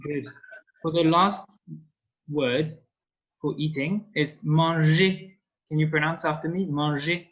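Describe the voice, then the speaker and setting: A man's voice: fairly high pitch, unhurried, pauses often, fairly bright tone, husky. A man whose first language is French, teaching an online language class over a video call, prompting students patiently step by step. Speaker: French tutor. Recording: dull lo-fi call audio.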